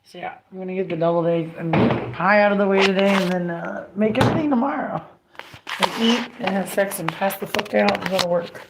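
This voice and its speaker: A woman's voice: mid-range voice, fairly quick, heavy background noise. A woman in her forties, a bartender, chatting casually on a live stream from her home kitchen, rambling and swearing with lots of "like". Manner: rambling, profane, full of "like". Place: home kitchen and house, indoors.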